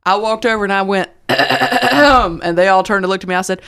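Smooth-voiced Southern woman telling stories. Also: mid-range voice, normal speed. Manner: animated storytelling, laughs easily. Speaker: podcast co-host, teacher. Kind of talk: casual chat.

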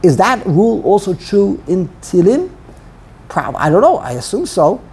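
Gravelly, husky male Torah teacher. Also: high-pitched, big pitch swings, darkish tone. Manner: thinks aloud, halting, repeats words. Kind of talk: text study lesson.

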